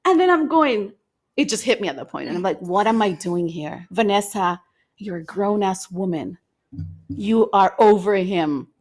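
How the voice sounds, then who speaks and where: A lively young woman co-hosting a podcast tells a story in casual chat, animated and acting out the quotes. Her voice is mid-range and her speed normal.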